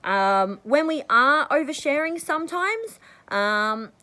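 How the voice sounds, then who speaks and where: A woman vlogger giving casual advice to the camera, rambling and chatty, often clearing her throat. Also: slow, rough recording. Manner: bursts into high excited tones when acting out conversations.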